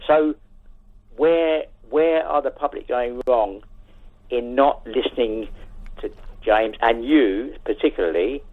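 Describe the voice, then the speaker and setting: An earnest man calls in to a radio show and stumbles over his words as he talks. His voice is a little husky, and it comes through a tinny telephone line. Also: mid-range voice. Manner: earnest, halting, repeats himself. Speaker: caller. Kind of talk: phone-in call.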